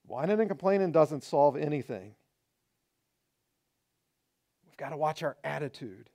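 Male pastor, high voice, earnest exhorting sermon delivery with punchy repeated lines. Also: animated, fairly quick, gravelly, mellow.

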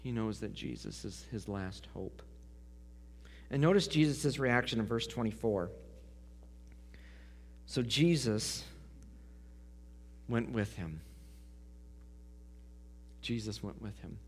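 A man preaching a sermon, swinging from loud emphasis to hushed near-whispers. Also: fairly low pitch, lively intonation, takes it slowly, pauses often, a little hiss or hum. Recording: long hall reverb.

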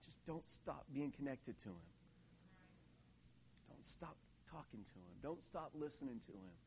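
A man's voice: mid-range voice, very animated, unhurried, gravelly. Middle-aged guy preaching, laughs a lot, acts out voices, bit of room noise behind. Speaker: pastor. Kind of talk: sermon.

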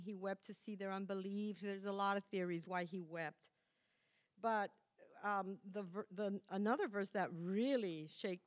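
A middle-aged woman preaching a conversational sermon, chatty and self-correcting, laughing at herself now and then. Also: mid-range voice.

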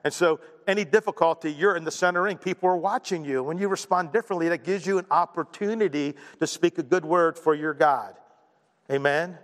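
A middle-aged man preaching a sermon in a conversational, animated way, often checking in with "right?" and acting out quoted voices. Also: fairly high pitch, brisk, in a large hall. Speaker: pastor.

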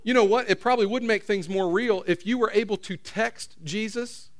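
Middle-aged pastor, high voice, chatty sermon style, talks straight to the pews. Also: male voice, moderate pace. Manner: conversational, repeats phrases, questions the audience. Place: church.

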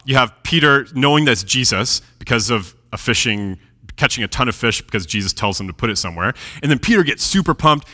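Lively preacher in a reverberant hall. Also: male voice, mid-range voice. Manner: lively, animated preaching with dramatic drops in volume. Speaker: pastor. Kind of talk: sermon with scripture reading.

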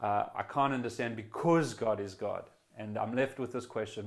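A man preaching a sermon as pastor, earnest and conversational, often restarting phrases and swinging between loud and hushed emphasis. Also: lowish voice, normal speed. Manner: voice swells then drops to quiet emphasis.

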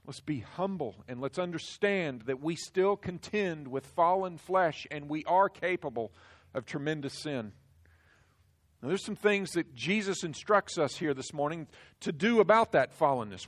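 A male pastor delivers a sermon in a somewhat high voice. He presses his points hard, dropping to a hush on sobering lines and rising to full force on warnings. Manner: emphatic, swings from hushed to loud.

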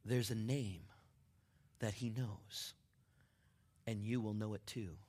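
A man preaching a sermon in a conversational, humorous way, dropping to near-whispers and then rising to excited shouts. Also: on the low side, takes it slowly, pauses often. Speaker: pastor.

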